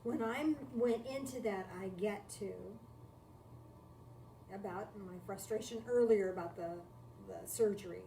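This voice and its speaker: A woman's voice: medium pitch, slow, pauses often, mellow. Reflective woman teaching in an echoey room. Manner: reflective, repeats key phrases, asks rhetorical questions. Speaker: spiritual teacher. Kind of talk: live-streamed spiritual talk. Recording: echoey room, distant mic, faint noise.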